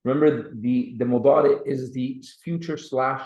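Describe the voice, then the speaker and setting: A man's voice: medium pitch, steady tone, moderate pace, a little mellow, muffled recording. Patient male teacher in an echoey room. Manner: patient, checks understanding with "right?" and "clear?". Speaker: Arabic teacher. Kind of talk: classroom grammar lesson. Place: classroom.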